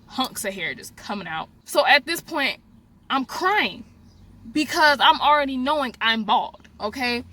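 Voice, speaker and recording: Bright animated young woman telling a story. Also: sits high, a little slow. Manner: animated storyteller, talks straight to viewers as "y'all". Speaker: beauty vlogger. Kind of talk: storytime vlog, casual chat.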